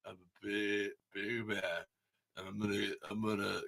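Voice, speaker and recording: Man putting on a low mumbling action hero, slurred, quiet and gruff, dry close sound. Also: completely flat delivery, normal speed, no room sound, exaggerated voice. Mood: boastful mumble. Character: mumbling male eighties action star, boastful, tough.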